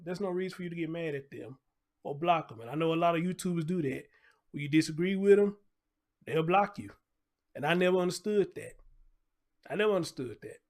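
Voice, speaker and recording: Blunt, slangy man hosting a livestream. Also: fairly high pitch. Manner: blunt, laid-back, slangy, reads chat names aloud. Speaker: YouTube livestream host. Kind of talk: casual livestream chat.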